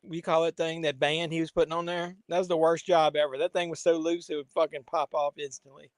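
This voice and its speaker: Guy riffing on a movie live, jokey and chatty, slightly high voice, crisp dry mic. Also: little pitch movement, fairly quick, dry recording. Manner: wry, joking asides, chatty. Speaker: host. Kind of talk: casual live watch-along commentary.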